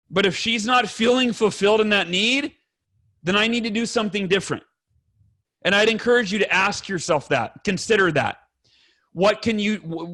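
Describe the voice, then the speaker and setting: A man's voice: high voice, fairly bright tone, poor audio. A man speaking as a guest on a podcast, earnest and emphatic, talking bluntly with fellow fathers and swearing now and then. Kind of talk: candid podcast conversation.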